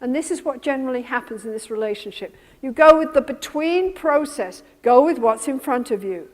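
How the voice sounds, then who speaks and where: A woman with a high voice teaches a workshop as a therapist. She acts out both partners' lines with animation as she explains. Her voice rings with the long reverb of a large lecture hall. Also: lively intonation, fairly quick. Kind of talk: teaching lecture with re-enacted session dialogue.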